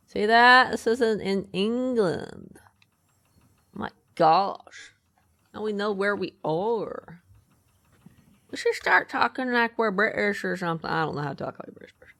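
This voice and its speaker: Gravelly streamer thinking aloud. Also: medium pitch, expressive, unhurried, long pauses, bright, forceful tone, no room sound, studio quality. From United States. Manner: chatty, thinks aloud and reads game text aloud. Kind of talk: live gaming commentary.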